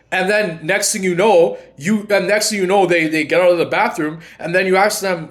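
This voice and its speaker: A man's voice: high-pitched, fairly quick, few pauses, fairly bright tone. Earnest long-winded male channel host. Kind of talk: casual monologue to camera.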